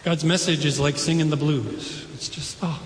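A high-pitched man preaches in a relaxed, enthusiastic way, chatting with his congregation. His voice rings through a roomy church sanctuary with a long, echoing tail and faint room noise behind it. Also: moderate pace. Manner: casual, enthusiastic preaching with pop culture asides. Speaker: pastor. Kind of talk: sermon. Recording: echoey church hall.

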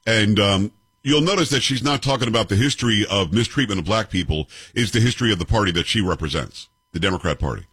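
A man's voice: fairly low pitch, fast, a bit bright, slightly rough, no echo. A man in his fifties hosting a commentary show, arguing with clips in a combative, sarcastic way and firing off rhetorical questions. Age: 50s.

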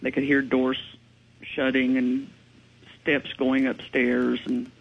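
A woman's voice: extremely low pitch, completely flat delivery, takes it slowly, creaky, slightly rough, highs cut off. A woman, a ghost investigator, speaking earnestly and matter-of-factly as a radio guest. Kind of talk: radio interview.

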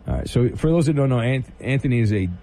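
Deadpan sports radio host, mellow voice. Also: male voice, medium pitch, fast talker. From Southern California. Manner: deadpan, teasing, stammering restarts. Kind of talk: call-in radio banter.

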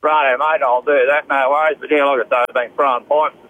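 A man's voice: medium pitch, steady tone, quick pace, phone-quality sound, slight background noise. A man with an Australian accent, a farmer phoning in to a radio show and chatting in a laid-back way. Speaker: caller, farmer. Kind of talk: casual phone-in chat.

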